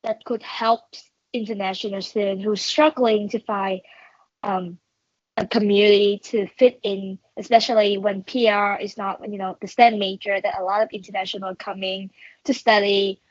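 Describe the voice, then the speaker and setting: A woman's voice: mid-range voice, little pitch movement, moderate pace, dry recording. Hesitant woman co-host, dull sound. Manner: hesitant, many fillers. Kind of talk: interview questions.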